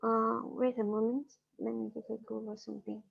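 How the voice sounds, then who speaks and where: A woman teaching a language class over a video call, explaining patiently and slowing down to repeat key phrases. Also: fairly high pitch, little pitch movement, gravelly. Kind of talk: online class lecture. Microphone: computer mic on a video call. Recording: muffled video-call audio.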